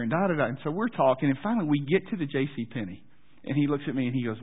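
A male pastor tells a story from the pulpit in a loose, self-deprecating way, often stopping to restart his sentences. His voice sits at a middle pitch, a little husky, and the recording sounds thin, like a phone line. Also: expressive, very fast. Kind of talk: storytelling sermon.

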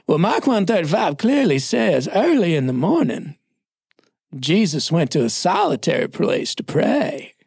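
A man playing a brilliant, nerdy mentor pastor who quizzes a young intern. The voice is pitched up from the man's own, precise and faintly pompous, with a gravelly, husky grain. It is recorded dry and close. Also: big pitch swings, measured pace, a little mellow, dry recording, exaggerated voice. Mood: correcting, quizzing. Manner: precise, slightly pompous correcting tone.

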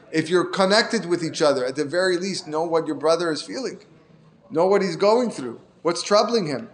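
A man giving an earnest Torah talk, telling a story and lifting his voice to stress key points. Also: high-pitched. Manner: earnest storyteller who lifts his voice for emphasis. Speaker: Torah teacher. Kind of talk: Torah class sermon.

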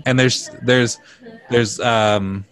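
A man's voice: mid-range voice, fairly even intonation, drawn-out words, a bit bright. A man hosting a podcast in casual chat, joking, laughing often and trailing off into fillers. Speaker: podcast host.

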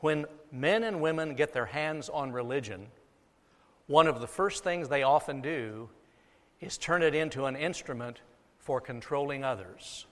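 A U.S. pastor with a medium-pitched, somewhat bright voice preaches a little slowly from the pulpit. He's emphatic and repeats key phrases for effect, and the church sanctuary rings with the long reverb of a large hall.

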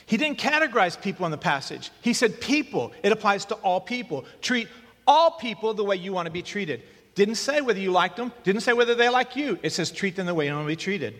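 A man's voice: sits high, big pitch swings, a little fast, a bit bright. A man preaching a sermon as pastor, conversational and then emphatic with repeated short lines. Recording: long reverb of a hall.

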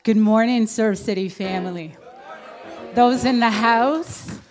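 A woman addressing her church congregation, sharing her story in measured, prayerful phrases. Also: a little high, a crowd in the background. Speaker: church speaker. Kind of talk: church testimony.

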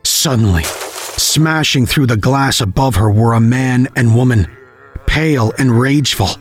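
A man narrating a scripted horror audio story in a measured, grim storytelling manner. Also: mid-range voice, faint music behind.

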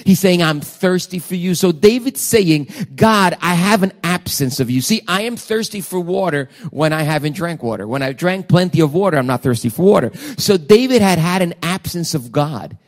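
Fervent preacher man, slightly high voice. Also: animated, normal speed, a little mellow. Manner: preaching with dramatic shifts, quoting scripture emphatically; addresses congregation directly with rhetorical questions. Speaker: pastor. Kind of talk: sermon.

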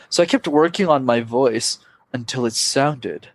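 A young man, a public speaking coach, giving energetic, emphatic advice as a podcast guest. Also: medium pitch, a little slow, dry recording.

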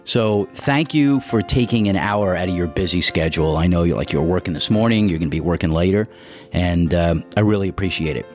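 A man's voice: deep voice, brisk, music in the background. A man in his sixties hosting a podcast, keeping the interview chat easygoing and affirming. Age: 60s. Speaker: podcast host.

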